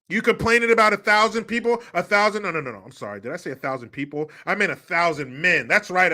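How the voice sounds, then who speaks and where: A man's voice: sits high, expressive, fast talker, few pauses, sharp tone. A man hosting a live-stream commentary, ranting in a sarcastic, mocking and profane way. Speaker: livestream commentary host.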